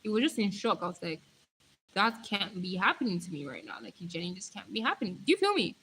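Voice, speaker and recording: Young woman from Nigeria, hyper live-stream chatter, bright and lively. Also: mid-range voice, quick pace, a little hiss or hum, low-quality recording. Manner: chatty, hyper, reads viewer comments aloud. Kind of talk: casual live-stream chat.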